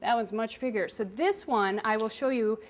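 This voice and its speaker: A woman's voice: on the high side, normal speed. Patient woman chef teaching kids. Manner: patient, explaining step by step to children. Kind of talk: hands-on cooking demonstration.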